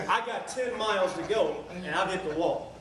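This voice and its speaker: A man telling a marathon story as a lively motivational speech at a club meeting. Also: high-pitched, unhurried. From Tampa area. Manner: energetic storytelling, sings a few lines. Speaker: public speaker. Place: meeting room. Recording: echoey room from far off, faint noise.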